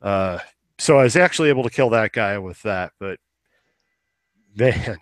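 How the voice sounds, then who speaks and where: Male podcast host, low-pitched, loose rambling storyteller with casual cursing. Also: lively intonation, moderate pace, no room sound. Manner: rambling, swears casually, acts out quotes. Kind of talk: casual chat.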